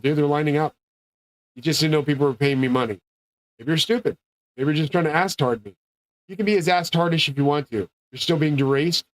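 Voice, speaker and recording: A man delivering a rambling solo monologue, ranting in a profane, grandiose way. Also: a little high. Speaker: streamer.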